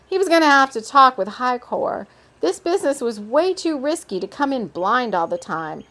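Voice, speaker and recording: A woman's voice: high voice, normal speed. Woman reading a story with chatty asides. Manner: relaxed, with off-script asides and laughs.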